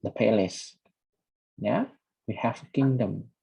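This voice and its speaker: Man, Indonesian accent, lecturing, "ya" and "nah" fillers, low husky voice. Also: lively intonation, slow, dark tone, low-quality recording. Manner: switches between English and Indonesian, frequent "ya" and "nah" fillers. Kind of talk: recorded lecture.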